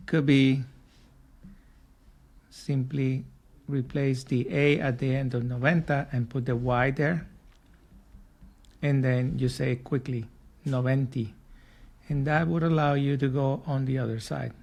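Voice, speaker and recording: A man's voice: medium pitch, vocal fry. A man teaching a spoken lesson for learners, patient, repeating and drilling each word. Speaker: language teacher.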